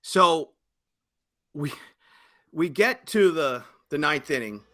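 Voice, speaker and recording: A man hosting a podcast, recapping events and asking measured, probing questions. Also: on the high side, animated, sharp tone. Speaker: podcast host. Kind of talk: interview questions.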